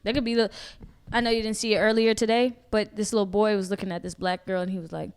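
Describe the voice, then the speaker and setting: A woman's voice: mid-range voice, level tone, fast, clean tone. A woman co-hosting a podcast in casual chat, laughing often and talking in slang. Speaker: podcast co-host.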